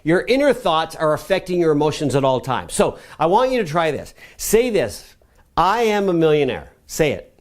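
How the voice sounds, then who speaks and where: Energetic middle-aged guy doing a motivational web lesson, kinda high voice, bouncing all over the place pitch-wise. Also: normal speed. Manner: energetic, coaching the listener with repeated commands. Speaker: personal growth teacher. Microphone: camera mic.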